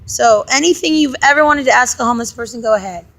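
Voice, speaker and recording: A young adult woman vlogging in a casual monologue, telling a story in an exasperated, animated way and speaking straight to her viewers. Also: a little high, fast talker.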